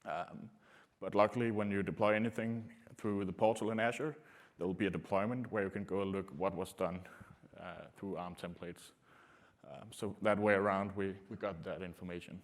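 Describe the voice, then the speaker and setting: Halting low-voiced male tech presenter. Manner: halting, frequent uh and um fillers. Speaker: conference presenter. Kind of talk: technical conference talk. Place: conference session room.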